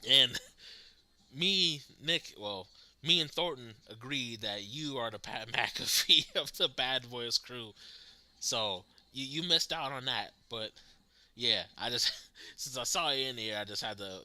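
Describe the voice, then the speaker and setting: Casting note: lively male streamer, very bright tone, pitch swinging a lot, laughs easily, talks to his chat. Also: a little slow. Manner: animated, laughs often, talks to chat viewers. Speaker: livestream host reacting to wrestling. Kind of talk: casual live reaction chat.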